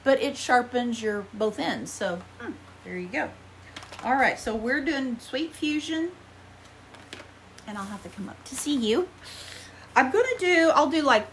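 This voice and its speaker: Rambling American woman vlogger, lively pitch. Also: slight background noise. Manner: chatty, rambling, self-deprecating. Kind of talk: casual haul chat.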